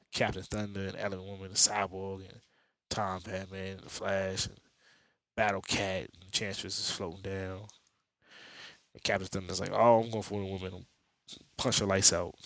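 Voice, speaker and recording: A man's voice: deep voice, pushed and bright, no room sound. Slangy, profane man recapping comics. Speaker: podcast host. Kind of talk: casual comic-book recap. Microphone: podcast mic.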